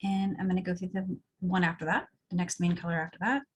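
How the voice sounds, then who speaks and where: A woman's voice: lowish voice, fast, husky. A woman teaching a beadweaving class, talking through each step casually as she works. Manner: relaxed, chatty, explains as she works. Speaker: craft instructor. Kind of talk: step-by-step craft tutorial.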